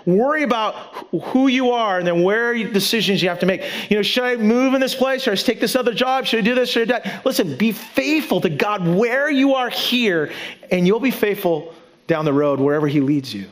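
A man's voice: high-pitched, a little fast. A man preaching a sermon in an earnest way, repeating key lines for emphasis. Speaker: pastor.

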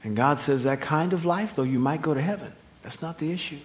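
A middle-aged man preaching a sermon, animated and humorous, swinging from loud high exclamations to quiet, low emphasis. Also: a little fast. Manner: humorous, laughing at own stories. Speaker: pastor.

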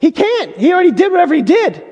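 A man's voice: extremely high pitch, wildly swooping pitch, fast talker, darkish tone, big-room sound. A male pastor preaching a sermon in an emphatic way, full of rhetorical questions.

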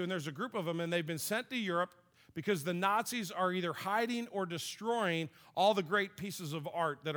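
A man's voice: high-pitched, fairly bright tone. A middle-aged man preaching a sermon in a conversational, storytelling way. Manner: conversational, storytelling, with light laughs and restarts. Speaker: pastor.

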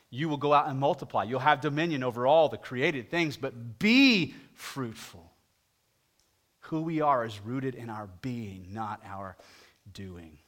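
Animated storytelling preacher, man. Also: mid-range voice. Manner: animated, swings between loud emphasis and soft hush; conversational, asks the congregation questions. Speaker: pastor. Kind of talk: storytelling sermon.

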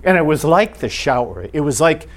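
A man teaching a church class in an earnest, halting way, restarting his sentences often. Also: on the high side, very animated.

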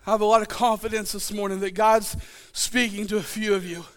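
A man preaching a sermon in church, building to shouted fervor. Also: sits high, flat delivery, a little fast. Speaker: pastor.

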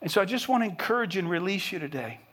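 High, forceful middle-aged male preacher. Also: lively intonation, fast. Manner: earnest, builds to impassioned emphasis with repeated restarts. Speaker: pastor. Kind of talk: sermon.

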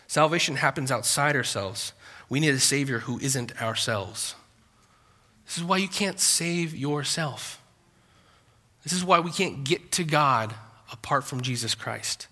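A man's voice: a little high, pushed and bright, long reverb tail. A man preaching a sermon as a pastor, conversational, with asides and repeated words.

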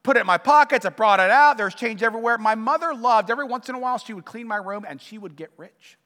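A man with a high, bright voice delivers a sermon, telling stories with animated emphasis. His words ring out with a long reverb in a church sanctuary. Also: fast talker. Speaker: pastor.

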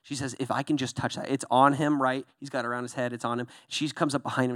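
This young pastor talks fast with hardly any pauses, his mid-range voice captured in a clean, dry studio recording. His sermon is conversational and animated, full of "okay?" and "right?" check-ins and acted-out voices from the Bible story.

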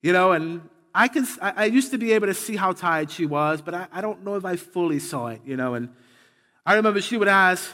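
Male pastor, 30s, high voice, conversational sermon that builds to fervent repetition, church hall reverb. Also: expressive, fast talker, bright, forceful tone.

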